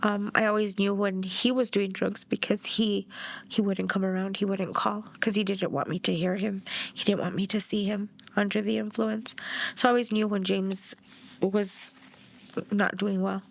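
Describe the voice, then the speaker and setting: A woman's voice: medium pitch, fairly even intonation, normal speed, creaky. A middle-aged woman from New Mexico, a bereaved mother giving documentary interview testimony in a plainspoken way and acting out past dialogue.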